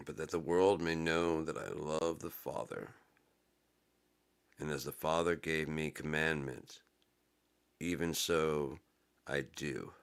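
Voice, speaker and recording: Man with a very deep voice. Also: steady tone, creaky, smooth. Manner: reads scripture slowly then riffs with blunt casual profanity. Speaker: religious commentator. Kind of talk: casual religious monologue.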